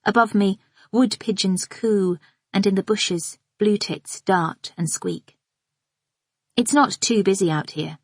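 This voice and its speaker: An audiobook narrator, a woman, reads a psychological thriller in the first person, measured, observant, and inward. Her pitch sits mid-range for a woman, and her voice is slightly rough. The recording is dry and close, with no room in it.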